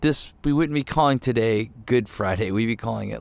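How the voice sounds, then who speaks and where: A man's voice: medium pitch, brisk, gravelly, hardly any pauses, darkish tone. A male pastor giving a casual, conversational sermon, self-deprecating and full of fillers and restarts.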